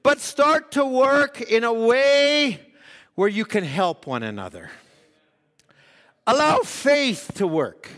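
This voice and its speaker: A man preaching a sermon, swinging from loud exhortation to hushed, acted-out quotes. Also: very high voice, very animated, slow. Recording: long hall reverb.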